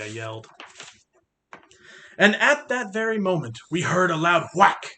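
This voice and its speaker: A man reading a rhyming picture book aloud with expressive, sing-song delivery. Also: high-pitched. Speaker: reader.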